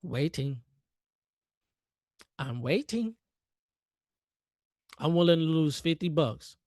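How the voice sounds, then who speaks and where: A man's voice: on the high side, lively intonation, slow, darkish tone, dry recording. A young man hosting a live trading stream, giving playful, hyped commentary in slang and joking with his chat. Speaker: trading livestream host.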